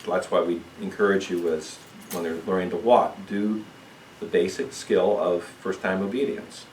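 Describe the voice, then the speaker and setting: Deep guy teaching a parenting class at church, calm, explains stuff, kinda far from the mic in an echoey room. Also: normal speed, slight background noise. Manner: calm, explanatory, asks "okay?" often.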